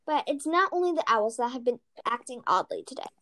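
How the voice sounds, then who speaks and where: A friendly TV weatherman from a storybook, voiced by a woman. He chats in a folksy way. The voice sits high. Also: lively intonation, brisk, pushed and bright. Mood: chatty. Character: chatty male TV weatherman.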